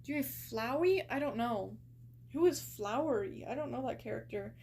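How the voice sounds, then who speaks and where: A woman's voice: a little high, expressive, moderate pace, darkish tone, husky. A young woman streaming live, chatting casually with lots of fillers and incredulous reactions.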